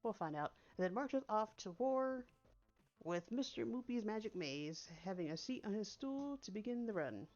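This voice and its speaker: A woman's voice: medium pitch, expressive, normal speed, a little mellow. A woman streamer reading a visual novel aloud, narrating casually with playful asides. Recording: dull lo-fi stream audio, faint music.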